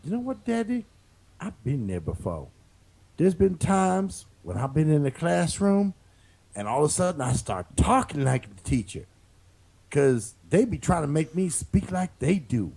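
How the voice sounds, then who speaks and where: A man's voice: a little high, sing-song, unhurried, gravelly, a little mellow, husky, full character voice. A man voicing a whiny, naive young son in an improvised comedy sketch, asking his father pleading questions.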